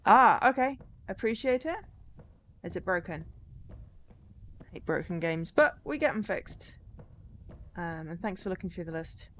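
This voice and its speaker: A woman's voice: lowish voice, animated, unhurried, pauses often, fairly bright tone, a little hiss or hum. A tired woman streaming a game, chatting wryly and reading signs aloud. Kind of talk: casual gaming stream commentary.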